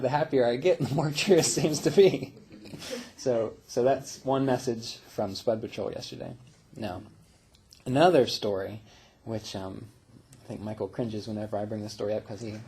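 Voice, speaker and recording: A man who teaches meditation, telling personal stories in a relaxed, reflective way, with fillers and small laughs. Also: mid-range voice, husky. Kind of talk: casual spiritual talk.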